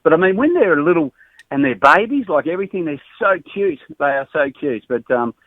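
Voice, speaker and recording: A man's voice: fairly high pitch, sing-song, a little fast, no room sound. An Australian man, a local radio presenter, chatting and laughing easily on a phone call into a live stream. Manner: chatty, laughs often, easygoing. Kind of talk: casual chat on a phone call. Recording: tinny phone line, dry.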